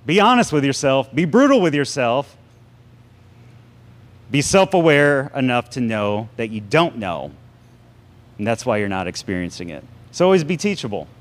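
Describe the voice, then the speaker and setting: A man preaching a sermon to a congregation, animated and sarcastic, with big swings in pitch. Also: measured pace, pauses often. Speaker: pastor.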